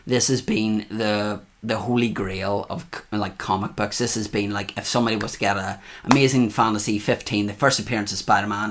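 Male co-host, low voice, lively anecdotes, chatty. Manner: animated storytelling, acts out quotes. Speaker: podcast co-host. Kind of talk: casual chat.

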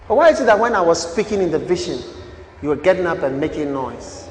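Male preacher, high voice, dramatic swings between loud and hushed, long church-hall reverb. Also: lively intonation, quick pace, a little hiss or hum. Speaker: pastor. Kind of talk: sermon.

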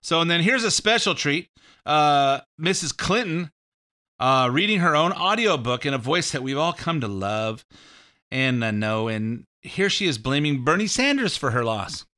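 A man's voice: fairly high pitch, expressive, normal speed, bright, forceful tone. A man hosting a talk show, rambling sarcastically through political commentary. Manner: rambling, sarcastic, mimics catchphrases.

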